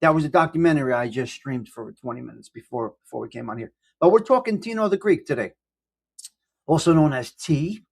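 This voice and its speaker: A man's voice: a little high, expressive, a little fast, vocal fry, a little mellow, husky. A man hosting a casual live-stream coffee chat, rambling and self-deprecating as he greets viewers by name. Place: indoors at home.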